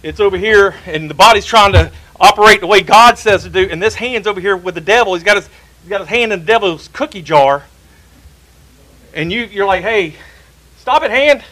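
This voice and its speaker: A man's voice: high voice, a little fast, pushed and bright, rough recording. A man preaching a sermon in a church, emphatic and repeating key phrases for stress.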